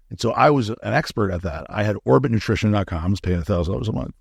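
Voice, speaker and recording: A middle-aged man talks candidly in an interview, swearing freely and acting out the lines of the people in his story. His voice sits low and crackles with fry. The sound is dry and close. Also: quick pace, hardly any pauses, dry recording. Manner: candid, profane, acts out quoted dialogue. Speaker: guest, supplement company founder.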